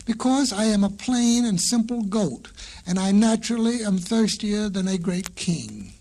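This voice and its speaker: A man's voice: high voice, animated, a little slow, vocal fry, mellow, pitched above the performer's own voice, exaggerated voice. Man doing a stubborn bleating goat. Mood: arguing. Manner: bleating, argumentative. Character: stubborn plain simple male goat.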